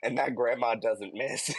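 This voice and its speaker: A man's voice: mid-range voice, measured pace, husky, no room sound. A man co-hosting a podcast, reading stories aloud in casual chat and laughing mid-sentence. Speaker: podcast co-host.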